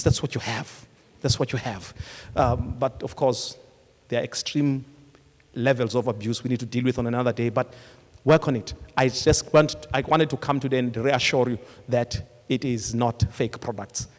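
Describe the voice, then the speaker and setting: A male pastor preaching live at a congress, animated and storytelling, often acting out couples talking. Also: medium pitch, normal speed. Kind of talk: live sermon. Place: large congress hall. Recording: long hall reverb from a live congress.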